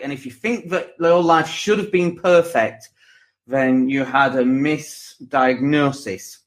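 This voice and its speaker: Rambling, chatty man in his forties. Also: fairly high pitch. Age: 40s. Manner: rambling, conversational, with frequent asides and filler words. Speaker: podcast host. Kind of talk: motivational monologue.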